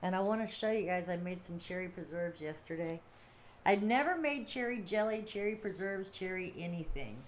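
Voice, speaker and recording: Middle-aged woman, low voice, casual rambling livestream chat, laughs a lot, faint room hum. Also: expressive, normal speed. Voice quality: chatty, rambling, laughs often. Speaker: livestream host.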